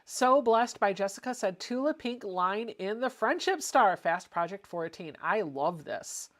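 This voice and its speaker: A woman's voice: mid-range voice, animated, measured pace. A woman hosting a casual home livestream, chatting and reading viewer comments aloud. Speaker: livestream host.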